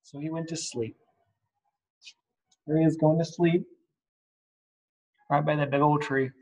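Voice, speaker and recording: A man's voice: a little high, flat delivery, a little slow, a little mellow, poor audio. A man reading a picture book aloud at story time, adding chatty asides and asking the kids questions, at home. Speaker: reader at children's story time.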